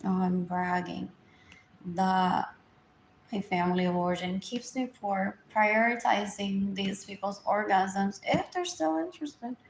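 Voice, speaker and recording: A woman's voice: mid-range voice, a little slow. Woman, drawling live-stream ramble, repeats herself, drops to whispers, phone mic, echoey room. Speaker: livestream host. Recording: echoey room, faint background noise.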